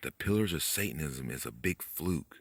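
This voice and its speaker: A man giving a rambling, profane late-night monologue, talking fast, tripping over his words and jumping up in pitch when he gets worked up. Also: animated, breathy edge. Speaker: conspiracy video host.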